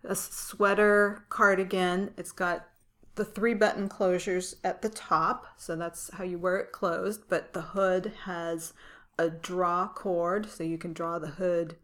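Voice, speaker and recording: A woman's voice: fairly low pitch, level tone, takes it slowly, a bit bright. A woman co-hosting a knitting podcast in casual chat, describing things in detail and laughing easily. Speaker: podcast co-host.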